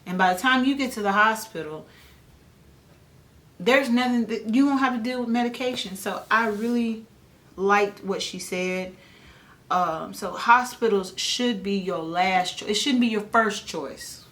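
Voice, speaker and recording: A woman, casually telling her own birth story on a family vlog, animated, and jumping her voice up when she imitates other people. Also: medium pitch, measured pace. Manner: animated, mimics others with a raised voice. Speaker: vlogger and mother.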